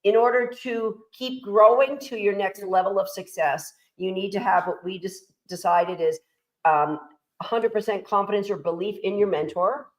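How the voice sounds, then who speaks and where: A woman's voice: mid-range voice, moderate pace, low-quality recording. A woman hosting a casual panel chat, enthusiastic and encouraging as she reads out viewer comments. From Canada. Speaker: host of agility training livestream.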